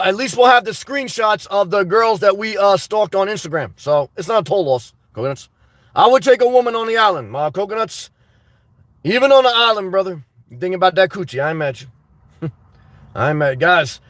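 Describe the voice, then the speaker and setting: This livestream host has a high, fairly bright voice, captured in a dry recording. He reads through chat and riffs off the cuff, crude and blunt, with frequent restarts.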